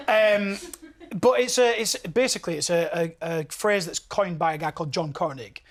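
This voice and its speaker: A man in his thirties with a Yorkshire accent, a singer telling stories as an interview guest, lively and laughing often, restarting his sentences. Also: sits high, moderate pace. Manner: animated, laughs often, repeats words as he restarts. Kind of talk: casual interview chat.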